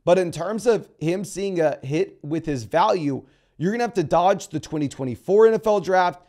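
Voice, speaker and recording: Guy breaking down fantasy football trades, slightly higher voice, chatty and quick, restarts a lot. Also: darkish tone. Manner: fast, conversational, restarts sentences. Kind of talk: solo dynasty football analysis.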